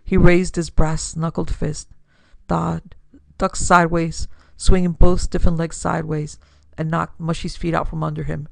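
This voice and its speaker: Woman narrating a pulp thriller, gravelly. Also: low-pitched, level tone, measured pace, no echo. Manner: dramatic storytelling, builds force in action scenes. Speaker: narrator and podcast producer. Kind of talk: audiobook narration of a pulp detective story.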